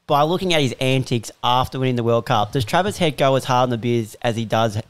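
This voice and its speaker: A man's voice: mid-range voice, quick pace, clean tone. A man hosting a podcast, asking his guest direct questions. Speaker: podcast host. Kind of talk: interview questions.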